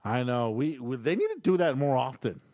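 A man with a lively, swinging pitch breaks in with quick remarks and stats in casual sports chat. His voice sounds close and dry. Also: dry recording. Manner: interjecting, chiming in with stats. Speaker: sports talk co-host.

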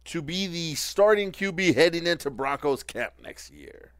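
A man co-hosting casual sports talk, tossing in quick reactions and reading out the news. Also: sits high, clear, resonant tone. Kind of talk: casual sports radio banter.

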